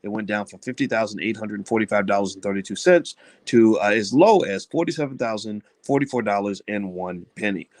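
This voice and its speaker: Middle-aged man, low voice, dry close sound, blunt talking style. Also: fairly quick, darkish tone, dry recording. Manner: conversational, blunt, talks to viewers directly. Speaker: finance commentator. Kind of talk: live-stream talk to viewers.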